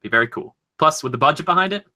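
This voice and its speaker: A man co-hosting a podcast, talking casually and enthusiastically, full of "like" and quick asides. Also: a little high, lively intonation, sharp tone. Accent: Minnesotan. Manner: enthusiastic, rambling, lots of "like". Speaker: podcast co-host. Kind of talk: casual chat.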